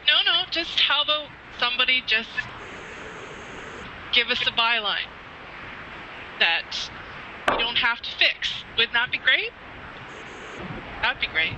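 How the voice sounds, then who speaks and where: A woman's voice: a little high, lively intonation, slow, long pauses, noisy background. A woman chatting bluntly in a group video call. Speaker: hangout participant. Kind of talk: casual group video chat.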